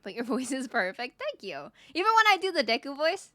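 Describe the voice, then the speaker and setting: A woman's voice: high-pitched, big pitch swings, fairly quick, fairly bright tone, dry recording, clean studio sound. A young woman VTuber streamer chatting casually with her viewers, playful and giggly. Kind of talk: casual stream chat reading viewer messages.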